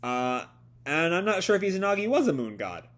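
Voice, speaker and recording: A man's voice: high-pitched, very animated, fairly quick, a bit bright. A young man with a stuffy nose walks through a manga chapter in a live reaction. He sounds tired, and he rambles along with frequent ums and self-corrections.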